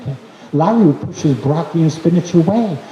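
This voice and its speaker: A man's voice: on the high side, fast talker, muffled recording, background noise. Theatrical guy telling a story on stage, voice all over the place, echoey hall. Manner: animated, theatrical. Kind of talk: live storytelling. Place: stage at a live story event.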